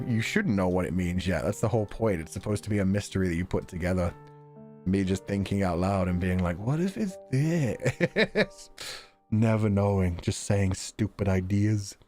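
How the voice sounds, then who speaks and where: A man chatting casually with viewers after a game stream, laughing often, thinking out loud and swearing now and then. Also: deep voice. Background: faint background music.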